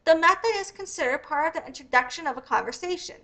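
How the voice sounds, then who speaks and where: Woman reading her business book out then riffing, swears a lot, high sharp voice. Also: quick pace, poor audio. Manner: blunt, profane, rambling asides. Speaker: author reading her own business ebook. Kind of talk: reading aloud, then casual explaining.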